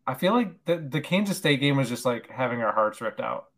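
Man, podcast guest, mid-pitched voice, rambling, lots of fillers, self-deprecating. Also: expressive, fairly quick, fairly bright tone. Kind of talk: casual sports chat.

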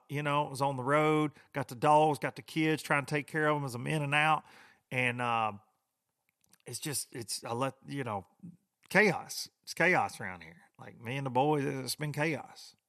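A man's voice: medium pitch, normal speed, a bit bright. A middle-aged man, rambling and grumbling in a casual, folksy podcast monologue. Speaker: podcast host.

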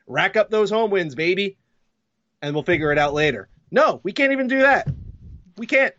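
A man's voice: high voice, expressive, moderate pace, pushed and bright, dull audio. A man, a hockey blogger co-hosting a casual sports podcast, ranting with sarcasm about his team's coaching.

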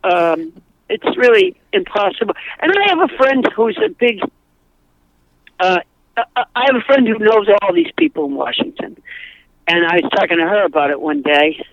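A woman's voice: mid-range voice, sing-song, moderate pace, dry recording, dull audio. A woman comedian chatting as a podcast guest, telling rambling anecdotes with many restarts. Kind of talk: casual podcast chat.

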